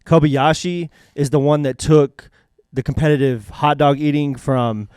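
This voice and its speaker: A man co-hosting a podcast in casual chat, hesitant and full of pauses as he shares trivia. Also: a little high, steady tone, a little mellow, clear, resonant tone, dry recording, studio quality. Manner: hesitant, many fillers and restarts. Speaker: podcast co-host.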